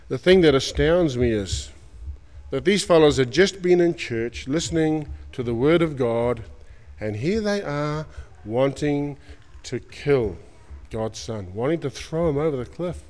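A man's voice: a little high, unhurried, a little mellow, in a large hall. A man with an Australian accent preaching a sermon, retelling stories in colloquial slang and acting out the characters. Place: church.

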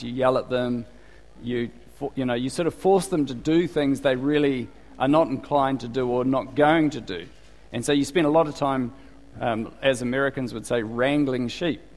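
A male preacher with a New Zealand accent gives a chatty, conversational sermon and keeps asking his listeners questions. His voice sits at an ordinary pitch, neither high nor low. The room has a long, hall-like reverb. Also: darkish tone. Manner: chatty, asks the congregation questions.

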